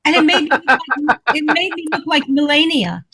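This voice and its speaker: Woman talk show guest, high-pitched, animated and playful storytelling. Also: a little fast, few pauses, low-quality recording. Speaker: guest actor. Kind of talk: casual talk show chat.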